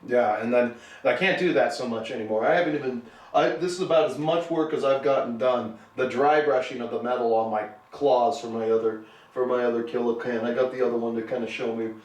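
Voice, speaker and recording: A man's voice: mid-range voice, a little fast, darkish tone, echoey room, recorded from a distance, low-quality recording. A man in his thirties hosting a hobby show, talking in a sarcastic, rambling way and cracking jokes. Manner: sarcastic, rambling with jokey put-on voices. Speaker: show host. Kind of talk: casual hobby chat.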